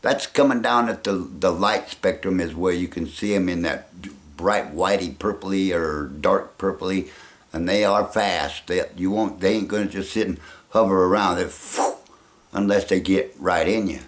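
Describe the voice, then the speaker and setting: A man with a gravelly voice talking in a rambling casual monologue, chuckling often and trailing off. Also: low-pitched, moderate pace. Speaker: vlogger.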